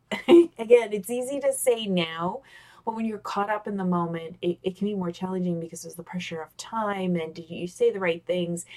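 A woman giving casual, animated communication tips over a webcam. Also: mid-range voice. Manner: animated, talks with gestures, excitable. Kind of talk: casual instructional talk on camera. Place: home office with a squeaky chair. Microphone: webcam on a video call.

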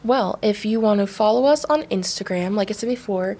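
A woman, co-hosting a podcast in casual chat, telling stories with lively quoted voices. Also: medium pitch, normal speed, hardly any pauses. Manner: animated storytelling with quoted voices. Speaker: podcast co-host.

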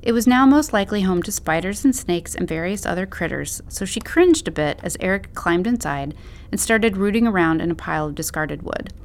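A woman narrating a story as an audiobook in a steady, measured way. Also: on the low side.

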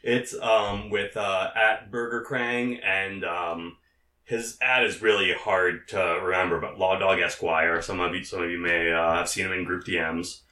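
A man's voice: sits low, steady tone, unhurried, sharp tone, reverberant, recorded from a distance. A man speaking as a podcast guest in casual chat, hesitant with many fillers. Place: hot room.

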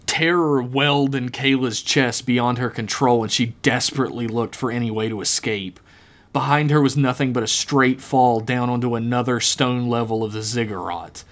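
A man's voice: mid-range voice, normal speed, fairly bright tone. A man co-hosting a podcast, reading his own horror story aloud dramatically and laughing at his own jokes. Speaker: podcast co-host.

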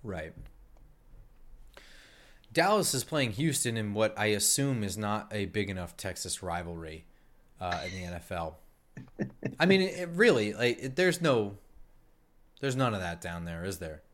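A man's voice: lowish voice, very animated, unhurried, pauses often, fairly bright tone. A man co-hosting a casual sports podcast, talking frankly and bluntly with a wry edge. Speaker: podcast co-host.

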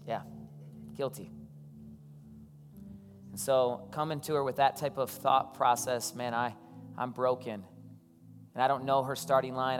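A man preaching as a pastor, telling stories conversationally and asking the congregation questions. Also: mid-range voice. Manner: conversational storytelling, asks the crowd questions. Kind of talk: sermon. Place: church hall. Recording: long hall reverb with soft keys.

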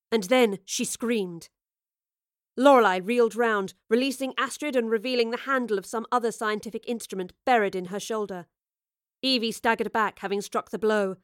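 A woman reading a dramatic story aloud in measured scripted narration. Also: mid-range voice, fairly even intonation, clean tone, no room sound, clean studio sound. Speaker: audiobook reader.

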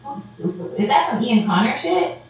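A woman telling stories in casual chat, animated and acting out what people said, with lots of "like". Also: a little high, moderate pace. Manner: animated storyteller, acts out quotes, heavy "like" filler. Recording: roomy echo, dull lo-fi sound.

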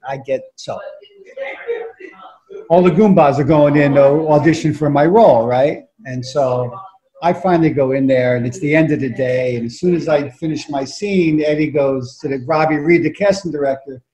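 A middle-aged man, an actor telling lively, profane anecdotes in casual chat and acting out the voices in them. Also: a little high, moderate pace, rough recording. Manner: animated, profane, acts out voices in his anecdotes. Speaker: actor guest telling stories.

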